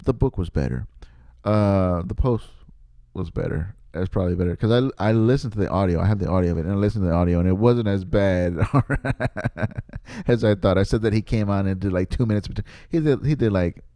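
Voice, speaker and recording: Man, comedian host, rambling casual storytelling, laughs a lot, low mellow voice. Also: fairly quick, no room sound. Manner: rambling, laughs often, self-deprecating. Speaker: podcast host and stand-up comedian.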